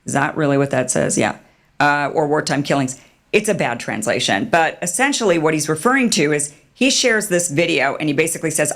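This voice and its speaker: A woman giving animated, sarcastic online commentary and mocking others with put-on quotes. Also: low voice, fairly quick, creaky. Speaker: political commentator.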